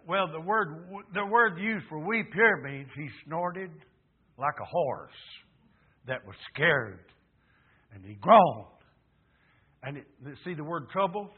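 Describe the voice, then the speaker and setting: A man in his seventies preaching a sermon, emphatic, dropping to low murmurs and rising to loud fervent peaks. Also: breathy edge. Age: 70s. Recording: tinny phone-like recording.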